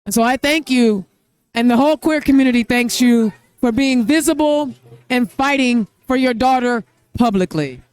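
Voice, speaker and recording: At a campaign event venue, a middle-aged Indiana woman conducts an on-location podcast interview. She speaks at a normal speed in a fairly high, clean voice, and her delivery is emotional and effusive.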